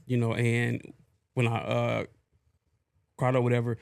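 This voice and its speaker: A man co-hosting a podcast, speaking in a slow, halting and reflective way. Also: mid-range voice, monotone, vocal fry, a little mellow, clean tone, no room sound, studio quality. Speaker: podcast co-host. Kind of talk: casual chat.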